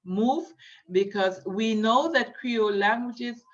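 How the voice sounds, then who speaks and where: A woman giving a lecture, hesitant and filling pauses, often checking in with her listeners. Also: fairly high pitch. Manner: hesitant, many fillers, checks in with "okay?". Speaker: linguistics lecturer. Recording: dull lo-fi recording.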